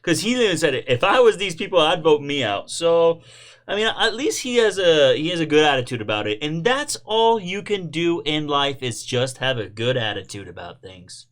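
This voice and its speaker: A man co-hosting a casual show, joking around in a halting way, with a New Jersey accent. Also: fairly high pitch, very animated, a bit bright. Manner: joking, halting, many fillers. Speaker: podcast co-host. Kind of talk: casual chat recap.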